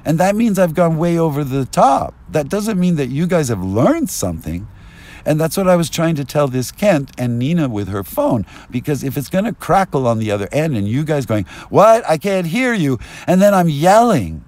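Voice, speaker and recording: A man rambling through an agitated street monologue, at times rising to yelling, recorded outdoors on a binaural mic. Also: a little high, big pitch swings, normal speed. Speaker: vlogger.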